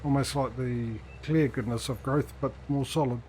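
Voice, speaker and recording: A man's voice: mid-range voice, steady tone, moderate pace, a little mellow. Male streamer, casual dry-humoured gameplay chat, faint hiss behind. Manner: chatty, talks to in-game workers, dry jokes.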